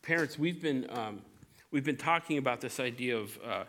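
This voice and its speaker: A man preaching a sermon, telling stories in an animated way with frequent restarts. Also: medium pitch, normal speed. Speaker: pastor.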